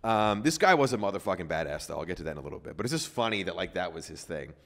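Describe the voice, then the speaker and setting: A man's voice: deep voice, big pitch swings, very fast, vocal fry, a bit bright. A man hosting a podcast, telling a story in loose casual chat with lots of fillers and swearing. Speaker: podcast host.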